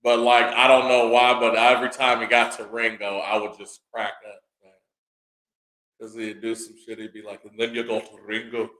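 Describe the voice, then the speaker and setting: Bright-voiced man in casual podcast banter. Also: medium pitch, completely flat delivery, moderate pace, reverberant, rough recording. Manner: playful, slips into put-on accents. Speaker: podcast co-host. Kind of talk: casual chat.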